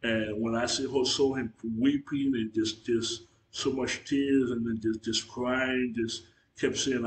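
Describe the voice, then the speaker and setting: A man giving an earnest, halting religious testimony to the camera, repeating himself and restarting his sentences. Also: medium pitch, fairly even intonation. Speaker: Christian video testifier. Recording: echoey room.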